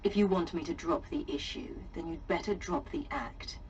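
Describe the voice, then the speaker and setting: A woman's voice: lowish voice, fairly even intonation, moderate pace, far from the mic, dull audio, very noisy, close to an everyday voice. An actress playing a sly woman who mocks and needles her rival with theatrical sarcasm. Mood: taunting. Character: mocking, sly woman radio host.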